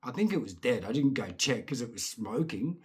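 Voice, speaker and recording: A middle-aged Scottish man telling childhood stories in a casual, lively way, acting out voices and swearing now and then. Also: mid-range voice, moderate pace, slightly rough. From Scotland. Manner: lively, laughing, swears, acts out voices and sounds. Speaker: storyteller. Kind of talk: casual anecdotal storytelling.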